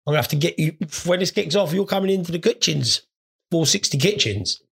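A stoned man hosts his podcast in a loose, rambling monologue, swearing freely as he tells his stories. His voice sits a little high, with a gravelly, husky rasp. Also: expressive, quick pace, fairly bright tone. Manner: crude, sweary, rambling storyteller. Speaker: podcast host. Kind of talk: casual comedic monologue.

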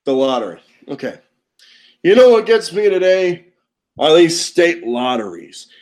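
A man delivering a profane comedic rant, loud and indignant, cursing constantly and laughing at his own lines. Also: a little high, very animated, a little slow.

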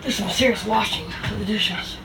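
A woman's voice: mid-range voice, moderate pace, vocal fry, echoey room, distant mic, background noise. Chatty woman talking to herself in a kitchen. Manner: chatty, swears, talks to herself while working. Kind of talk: casual chat while cooking. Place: home kitchen.

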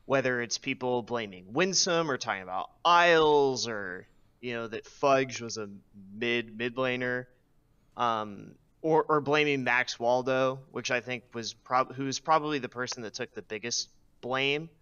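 A man's voice: medium pitch, a little slow, bright, forceful tone, smooth. Articulate male caller on a dull line. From US West Coast. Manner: articulate, argues a prepared point at length. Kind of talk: call-in opinion take. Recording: dull lo-fi call audio.

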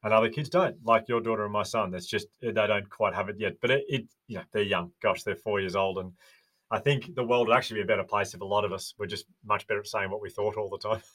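A man talking warmly on a remote call as a podcast guest, earnest and storytelling. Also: fairly low pitch, quick pace. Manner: earnest, storytelling with little voices. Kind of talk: casual podcast chat.

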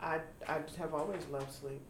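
A woman co-hosting a casual talk show, telling stories in a lively, laughing way. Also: sits low, moderate pace, crowd noise. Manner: animated, laughing storyteller. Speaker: podcast co-host. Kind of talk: casual chat. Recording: roomy echo, faint noise.

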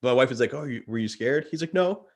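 This thirty-something guest speaks quickly in a gravelly, husky mid-range voice. Chatting casually, he relays a story with earnest animation and keeps addressing his listener as "dude."

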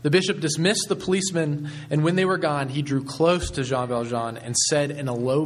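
Measured, higher-voiced male pastor. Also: steady tone. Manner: measured storytelling with frequent fillers. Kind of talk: sermon.

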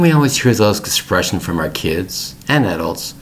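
A man's voice: deep voice, big pitch swings, normal speed, a little hiss or hum. A middle-aged man hosting an English-learning podcast, telling a family story in plain, repetitive words for learners.

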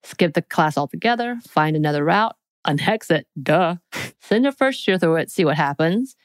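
Woman cohost with a lowish voice reading out a quiz, jokey and playful, dry close sound. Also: animated, normal speed, no echo. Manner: playful, jokey, reads out lists. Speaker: podcast co-host. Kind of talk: casual chat, reading a quiz aloud.

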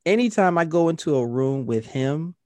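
A man's voice: a little high, moderate pace, no room sound. A man in his fifties co-hosting a podcast in casual chat, telling stories and acting out other people's lines. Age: 50s. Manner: animated storyteller acting out quotes. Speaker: podcast co-host.

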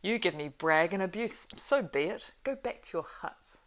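A proud, scheming old wizard , put on by a woman reading aloud, low and gravelly, sweet-talking from a great height. His coaxing words carry a sneer beneath, as in a spoken storybook. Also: lively intonation, normal speed, a bit bright. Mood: haughty. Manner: coaxing and lofty, turning hissing and scornful. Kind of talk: audiobook reading.

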